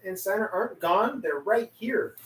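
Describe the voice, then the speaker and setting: A congregation member making brief, calm, encouraging comments during a sermon. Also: medium pitch, normal speed, crowd noise, low-quality recording. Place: church sanctuary.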